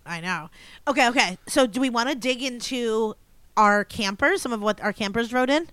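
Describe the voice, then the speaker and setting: Chatty woman with a smooth voice. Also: on the high side, lively intonation, moderate pace, a bit bright, dry recording. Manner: chatty, many "like" fillers, laughs easily. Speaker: podcast co-host. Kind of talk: casual chat.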